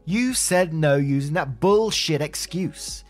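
A man's voice: lively intonation, slow pace, soft background music. A man voicing a hostile, entitled middle-aged mother who talks in a harsh, accusatory way. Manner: harsh, accusatory, shrill when angry.

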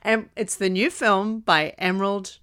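A woman's voice: medium pitch, fairly even intonation, unhurried, fairly bright tone, clean tone. A woman co-hosting a casual podcast, enthusiastic and a bit rambling. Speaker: podcast co-host. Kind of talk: casual chat.

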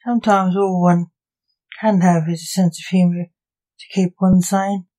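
A woman's voice: lowish voice, steady tone, a little slow, mellow, poor audio. A woman voicing a sarcastic, teasing young male necromancer bantering with his father. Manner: sarcastic, joking.

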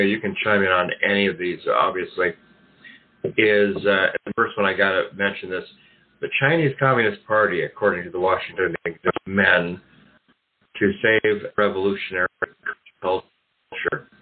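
A man's voice: low-pitched, fairly even intonation, moderate pace. A man hosting a talk radio show, rambling through opinions with many fillers and restarts. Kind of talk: casual talk radio commentary. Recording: tinny phone-like sound.

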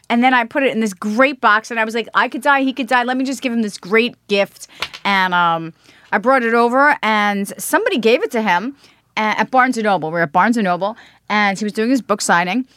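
A woman guest in casual chat, gushing and halting with many restarts as she tells a story. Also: fairly high pitch, fairly bright tone, no room sound, clean studio sound.

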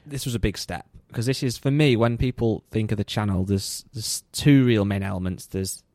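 A man's voice: fairly low pitch, moderate pace, darkish tone, no echo. A man co-hosting a podcast, chiming in with reflective comments in a casual conversation. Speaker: podcast co-host.

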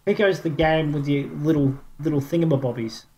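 A man's voice: fairly high pitch, fairly even intonation, a little fast, darkish tone, a little hiss or hum, low-quality recording. An Australian man co-hosting a casual podcast quiz, fumbling for words and laughing often. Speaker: podcast co-host.

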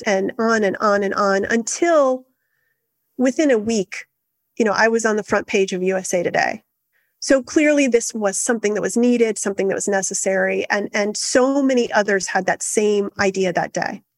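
A middle-aged woman, a guest in an interview, telling her story in an earnest, steady and reflective way. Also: medium pitch, dry recording. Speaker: guest, activist founder.

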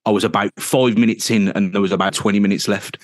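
A man's voice: lowish voice, steady tone, fast, no echo. A man in casual podcast chat, grumbling and ranting with plenty of swearing. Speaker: podcast co-host.

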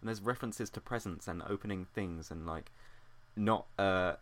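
Low bright-voiced young man, teasing banter. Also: moderate pace, dry recording. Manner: playful, teasing, lots of likes and laughs. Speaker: podcast co-host. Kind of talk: casual chat.

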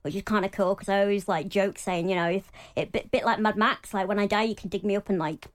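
A young woman talking openly as an interview guest, chatty and animated, with lots of fillers. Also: mid-range voice, fast. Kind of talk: casual interview talk.

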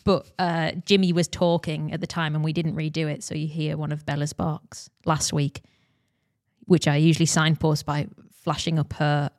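A woman's voice: low-pitched, little pitch movement, normal speed. A woman co-hosting a podcast, chatting casually and giggling. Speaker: podcast co-host and editor.

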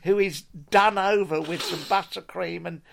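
A man's voice: sits high, steady tone, measured pace, vocal fry, fairly bright tone, slight background noise. A man co-hosting a comedy podcast, telling a rambling, stammering improvised story. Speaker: podcast co-host.

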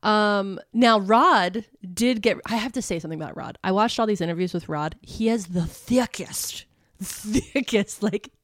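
A woman's voice: mid-range voice, a little slow, no room sound, studio quality. A woman co-hosting a podcast, telling a true-crime story in a chatty, casual way with many fillers and laughs. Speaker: podcast co-host.

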